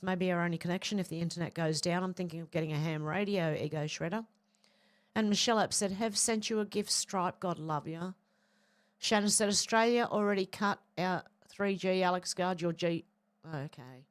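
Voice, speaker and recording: A woman with a lowish, throaty voice reads viewer comments off her livestream chat. She answers each one with chatty asides and clears her throat now and then. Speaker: livestream host reading chat. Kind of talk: casual chat, reading viewer comments aloud.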